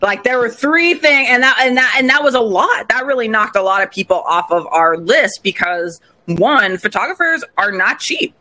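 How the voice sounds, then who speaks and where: Woman guest, bright voice, animated and expressive storyteller in a casual chat. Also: fairly high pitch, moderate pace, hardly any pauses. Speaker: podcast guest, recent bride. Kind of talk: casual interview conversation.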